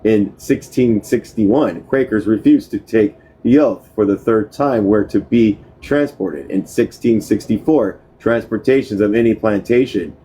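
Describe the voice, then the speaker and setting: A man's voice: lowish voice, a little slow, few pauses, mellow, slight background noise, poor audio. A man reading a history book aloud, often stumbling over words, restarting them and correcting himself. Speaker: book reader.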